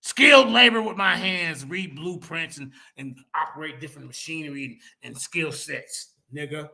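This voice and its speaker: Speaking at a moderate pace with vocal fry, a man with a slightly high, pushed, bright voice rages at a rival during an online panel argument. His profane attacks are confrontational and keep repeating with heavy emphasis.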